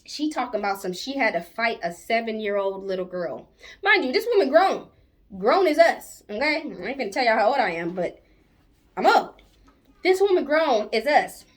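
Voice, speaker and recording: A woman's voice: on the high side, big pitch swings, moderate pace. A woman hosting a commentary channel, greeting viewers in a chatty, playful way. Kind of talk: casual commentary.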